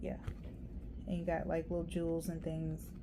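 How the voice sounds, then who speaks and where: A woman giving a casual, rambling tarot reading, chatty and quick to laugh. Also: sits low, monotone, background noise. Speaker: tarot reader.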